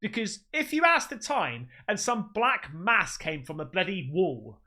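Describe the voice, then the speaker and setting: Lively man reacting. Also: high-pitched, a little slow. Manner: animated, swears often, says "mate". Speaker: reaction channel host. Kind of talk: casual reaction commentary.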